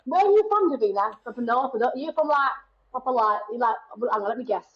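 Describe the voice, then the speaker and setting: Northeast English woman, 30s, bubbly chatty guest, slightly high voice, muffled podcast audio. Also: quick pace. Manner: chatty, animated, laughs often. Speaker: guest performer. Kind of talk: casual podcast chat.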